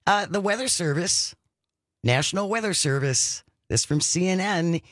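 A man's voice: high voice, expressive, moderate pace, fairly bright tone, no echo. A man co-hosting a political talk show, making dry, sarcastic remarks and reading news items. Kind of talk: opinionated political chat.

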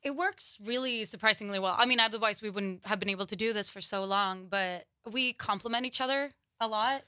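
Young woman, from Sweden, singer guest, upbeat, bright tone, dry close mic. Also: mid-range voice, brisk, few pauses, clean tone, dry recording. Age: young adult. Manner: upbeat, laughs often, uses "like" a lot. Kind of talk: casual radio interview. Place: radio studio.

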